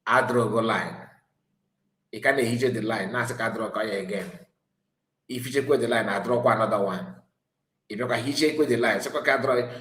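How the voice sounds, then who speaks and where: A man with a Nigerian accent rambles through mocking commentary, laughing at his targets and slipping between English and Igbo. His pitch sits mid-range, and his voice rings with a roomy echo. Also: normal speed, pauses often, a bit bright. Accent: Nigerian, Igbo-mixed English.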